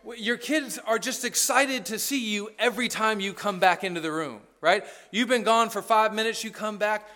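A middle-aged man delivers a sermon in a loose, conversational style, with a voice that sits high for a man. He mixes wry sarcasm with earnest points and keeps checking in with his listeners. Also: a little slow, pushed and bright. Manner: conversational, sarcastic humor, asks "right?" often. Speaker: pastor.

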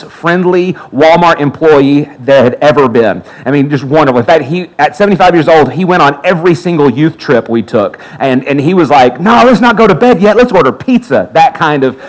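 A pastor preaches a sermon, recounting a personal story and acting out what other people said as an animated storyteller. His voice sits on the high side, and the recording quality is low.

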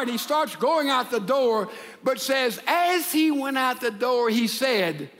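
High-voiced man preaching in a reverberant hall. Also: unhurried. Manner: animated storytelling, acting out quoted letters. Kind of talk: sermon with storytelling.

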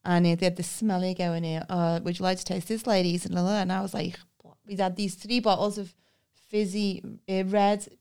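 A woman with a Liverpool accent, co-hosting a podcast and telling lively stories in casual chat. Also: lowish voice, brisk, clear, resonant tone. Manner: animated storyteller who acts out voices. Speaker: podcast co-host.

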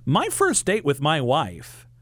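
A man's voice: fairly high pitch, huge pitch swings, takes it slowly, fairly bright tone, no room sound. A man hosting a radio show in an upbeat, chatty way. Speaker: radio host.

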